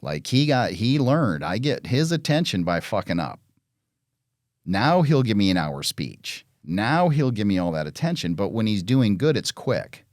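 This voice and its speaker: Blunt, profane man with a low, lively voice. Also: measured pace, no room sound, studio quality. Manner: blunt, profane, animated storytelling; acts out parent and child voices. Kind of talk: casual podcast chat.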